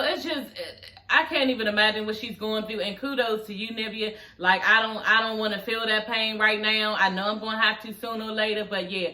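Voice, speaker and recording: A woman's voice: fairly high pitch, sharp tone, reverberant. A woman giving a casual, blunt recap of a reality show, talking straight to her viewers and swearing freely.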